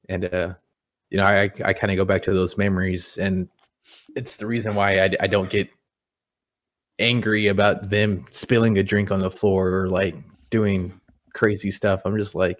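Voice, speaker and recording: A young man telling personal stories in a relaxed, rambling way, full of "you know". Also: low-pitched, normal speed. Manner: rambling, repeats words, many "you know"s. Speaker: guest. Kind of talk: casual podcast storytelling. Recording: audio-only podcast.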